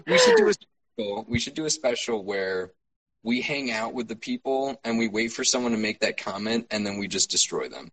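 A man's voice: medium pitch, wildly swooping pitch, moderate pace, fairly bright tone, husky, rough recording. A man from Alaska co-hosting a podcast, telling stories in casual chat, swearing freely and laughing often. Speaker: podcast co-host.

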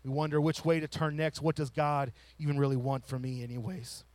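A man preaching a sermon, rising to loud emphatic lines and falling to soft hushed ones. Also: a little high, level tone, a little fast, no echo. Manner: drops to a whisper to show a still small voice.

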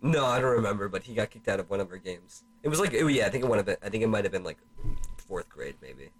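A man's voice: fairly low pitch, animated, quick pace. A teenage boy co-hosting a casual podcast, rambling through stories with many restarts and laughing as he talks. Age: teens. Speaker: podcast co-host. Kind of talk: casual chat. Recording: faint background noise, home podcast setup.

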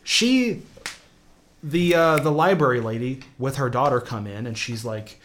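A man casually recapping a TV show plot, rambling with lots of fillers and trailing off into quiet mumbles. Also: mid-range voice, measured pace, slight background noise. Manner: rambling, filler-heavy, drops quiet when quoting characters.

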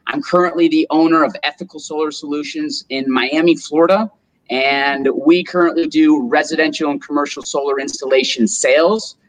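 A young man in his twenties from upstate New York, a little higher-pitched than most men. He tells his story as a guest in a casual, animated way. He acts out the quotes as he goes. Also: normal speed, rough recording. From Rochester, New York, US. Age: 20s. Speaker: guest, solar business owner.

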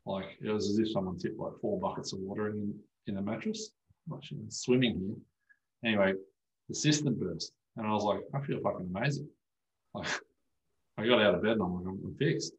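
A man's voice: lowish voice, steady tone, brisk, roomy sound, low-quality recording. A man speaking as an osteopath guest in casual podcast chat, telling stories animatedly and swearing freely.

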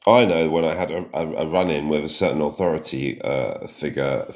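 A man's voice: a bass voice, a little fast. A man co-hosting a podcast in casual chat, wry and a little hesitant as he picks his words. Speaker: podcast co-host.

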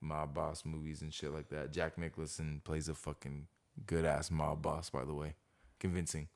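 A man co-hosting a podcast, chatting loosely with heavy swearing and animated bursts. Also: a bass voice, moderate pace, creaky. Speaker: podcast co-host. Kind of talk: casual chat.

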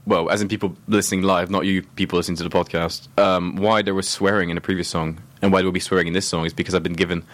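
A young man hosting a student radio show, chatting and joking with a guest. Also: low-pitched. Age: young adult. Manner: fast, joking, animated. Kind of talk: casual chat.

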